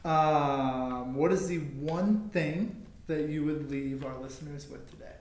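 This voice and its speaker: A man hosting a podcast, asking questions and wrapping up in a relaxed, thoughtful way. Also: on the high side, slow. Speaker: podcast host. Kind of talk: casual podcast interview. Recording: echoey room with faint music.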